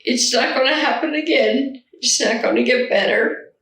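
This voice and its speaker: A woman caring for her spouse, speaking slowly and reflectively in an interview. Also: on the high side, a bit bright. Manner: slow, reflective, measured. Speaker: caregiver of a spouse. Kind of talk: interview testimony. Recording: roomy sound, distant mic.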